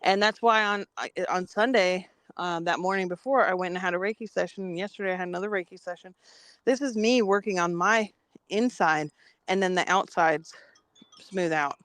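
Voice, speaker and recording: A woman's voice: lowish voice, moderate pace, no room sound. A woman, co-hosting a podcast in casual spiritual chat, telling stories with lots of acted-out quotes. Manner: animated storytelling, acting out quoted voices. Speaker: podcast co-host.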